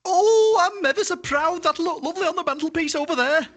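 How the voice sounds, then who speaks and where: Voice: very high voice, fairly quick, a bit bright. A performer playing a chatty, proud mum who mishears every word, in a comedy sketch.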